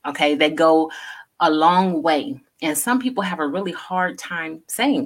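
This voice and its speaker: A woman's voice: lowish voice, measured pace, a bit bright. A woman co-hosting a casual talk show, explaining things earnestly and often saying "you know". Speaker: co-host.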